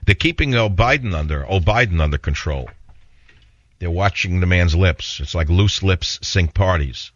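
A man's voice: sits low, animated, moderate pace, no echo. A man hosting a radio talk show, telling stories in a rambling, indignant way and taking calls. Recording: dull lo-fi radio broadcast.

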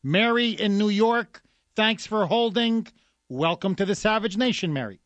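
A man's voice: sits high, normal speed, a bit bright, no room sound, muffled recording. A man hosting a talk radio show, delivering an emphatic, combative monologue with lots of repetition. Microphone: studio microphone.

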